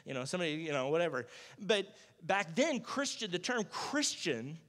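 A man in the role of pastor, giving a casual, conversational sermon, acting out Bible dialogue in a lively, jokey everyday voice. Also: on the high side, normal speed. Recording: church sanctuary with long reverb.

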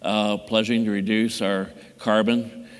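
A man giving a measured, deliberate conference talk as a mayor on a panel. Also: fairly low pitch, level tone, clear, resonant tone. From Indiana. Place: large conference hall. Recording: long hall reverb.

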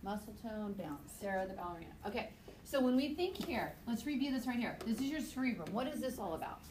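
A woman teacher lectures her class in a chatty, goofy way and drifts into stories along the way. Her voice sits a little high, and faint classroom noise stays under it. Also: animated, quick pace, a little mellow, echoey room, poor audio. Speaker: high school biology teacher.

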